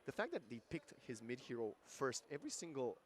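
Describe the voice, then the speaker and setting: A male esports commentator calling a live match, excitable and rising to near-shouts at big plays, his voice going hoarse. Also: mid-range voice, fairly quick, a little hiss or hum. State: losing his voice.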